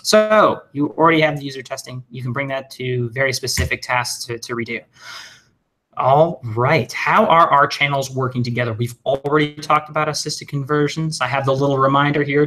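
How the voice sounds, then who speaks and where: A man giving a recorded webinar lesson, talking fast and casually with jokes and plenty of fillers. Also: mid-range voice. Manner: energetic, joking, conversational with many fillers. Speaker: webinar trainer.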